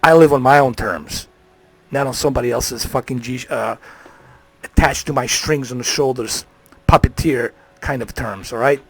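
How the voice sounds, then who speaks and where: A man's voice: mid-range voice, normal speed, breathy edge. A man ranting on a live stream, heated and profane, swearing freely.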